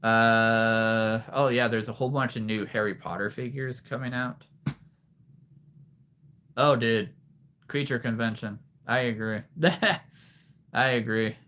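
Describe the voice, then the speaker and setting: A man with a medium-pitched, pushed, bright voice speaks slowly with fairly even intonation and frequent pauses. He's a figure collector hosting a casual livestream, a little out of breath as he rambles through comments with chuckles and wordplay.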